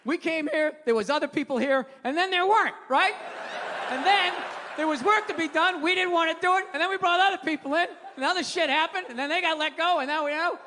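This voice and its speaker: A middle-aged man doing a loud, swearing stand-up rant on stage, heard with the reverb of a live hall and an audience. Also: extremely high pitch, fairly quick. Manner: loud, ranting, swearing, mocking. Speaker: stand-up comedian. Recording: live hall with crowd and faint noise.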